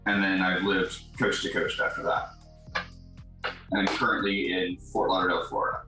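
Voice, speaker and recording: A man's voice: low-pitched, flat delivery, normal speed, music in the background. A man who performs in drag, chatting casually and rambling in an interview. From United States. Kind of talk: documentary interview. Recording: echoey, distant from the mic.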